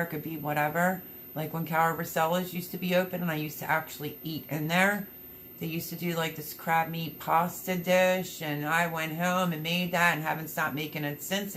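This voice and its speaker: A woman with a slightly low voice hosts a relaxed livestream, reading out viewer comments as they arrive. She talks in a chatty, upbeat, rambling way. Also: a little hiss or hum. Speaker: livestream host.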